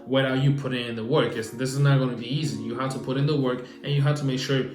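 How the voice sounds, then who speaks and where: A young man coaching on social media marketing in a casual advice vlog, animated and repetitive, acting out phone calls. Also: medium pitch, fast talker, echoey room, faint music behind. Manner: animated, repeats himself, acts out phone calls.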